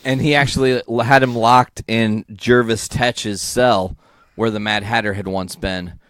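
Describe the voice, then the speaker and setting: A man's voice: fairly low pitch, fairly even intonation, unhurried, a bit bright, clean tone, dry recording, studio quality. A man co-hosting a podcast, chatting casually and enthusiastically, with lots of swearing. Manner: enthusiastic, profane, rambling. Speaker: podcast co-host. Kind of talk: casual comic book chat.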